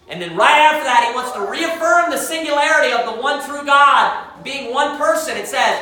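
A woman's voice: fairly high pitch, lively intonation, normal speed, pushed and bright. A woman preaching a fervent sermon, quoting scripture in old-fashioned wording. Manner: fervent, quotes scripture in King James wording. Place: church sanctuary. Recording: very echoey church hall, mic at a distance.

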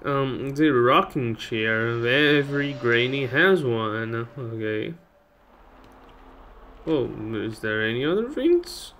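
A man's voice: mid-range voice, animated, slow, fairly bright tone, slight background noise. A man giving casual, joking commentary while playing a game, chatting to viewers and laughing at it. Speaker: gameplay channel host. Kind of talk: casual let's-play commentary.

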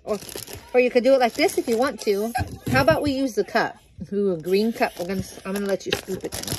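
A woman's voice: mid-range voice, fast, background noise. Hiccuping mom coaxing her small child. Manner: gentle, coaxing, speaks simply to a small child. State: has the hiccups. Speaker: mother. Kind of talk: casual craft vlog with her child.

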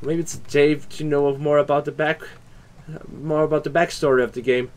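Young male gaming host, jumpy and loud, swears freely, slightly high voice. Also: fairly even intonation, normal speed. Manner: loud, swearing, bursts into screams. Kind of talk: horror game commentary.

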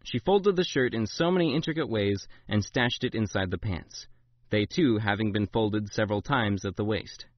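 A man narrating a memoir, voicing the quoted lines with big jumps in pitch and loudness. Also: moderate pace, dry recording. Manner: voices the quotes with big rises in pitch and volume. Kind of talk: dramatic memoir reading. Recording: dull, lo-fi dry recording.

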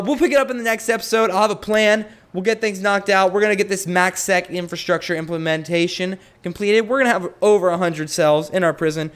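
A young man talking his way through a strategy game, his voice pitched a little high and jumping all over the place. He drops into low mutters, then pops up into surprised yelps, chatty and animated throughout. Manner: chatty and animated, swinging between mumbled asides and excited yelps. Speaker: let's play host. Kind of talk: gameplay commentary.

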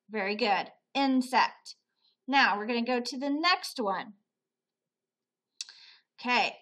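Woman, teacher, sounds out words for kids, unhurried, slightly high pitch, lots of praise. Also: pushed and bright. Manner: slow, patient, repeats words aloud for pupils; praises often, asks questions and answers them. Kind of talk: phonics lesson for children.

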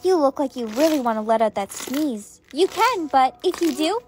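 A woman voicing a cruel, gloating caller of a deadly game who talks slowly and giggles between taunts. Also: high voice, lively intonation, darkish tone, a little hiss or hum. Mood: taunting.

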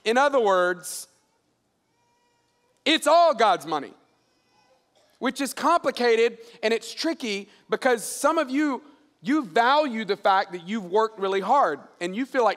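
A middle-aged male pastor preaching a sermon, telling stories with lively acted-out dialogue. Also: measured pace, pauses often. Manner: animated storyteller acting out dialogue in a lowered voice. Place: large church auditorium. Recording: long hall reverb.

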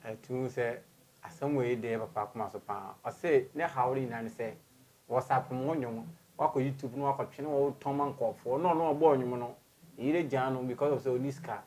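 An animated Ghanaian man hosting an interview. He addresses his guest and the audience directly, mixing in English phrases. His pitch sits in a plain middle range for a man. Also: normal speed. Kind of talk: interview host.

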